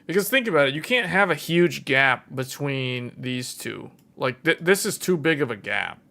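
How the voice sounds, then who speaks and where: A man's voice: medium pitch, lively intonation, normal speed, gravelly, pushed and bright. A man hosting a tech livestream, casually thinking aloud and correcting himself as he goes.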